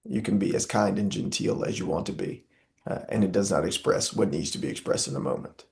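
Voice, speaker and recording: A man's voice: low-pitched, brisk, gravelly, a little mellow. A young man, speaking as an interview guest in an earnest, preacherly way with many filler "uh"s. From Southern US. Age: young adult. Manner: impassioned, preacherly, frequent filler "uh".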